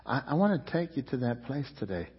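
A man pastor preaches with fervor, his voice swelling loud and then dropping low, often stumbling over repeated words. His slightly husky voice rings with a long reverb through a church sanctuary. The sound is a little dull and muffled. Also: big pitch swings, fast. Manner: fervent preaching, rising and falling loudness, repeats words. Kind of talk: sermon.

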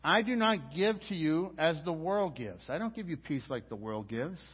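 A husky-voiced man preaches a sermon in a large church hall, his voice sitting a little high. He is earnest and repeats himself, climbing to fervent peaks before dropping low and quiet. The sound is dull and lo-fi, with a long reverb trailing behind every phrase. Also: animated, moderate pace. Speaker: pastor.

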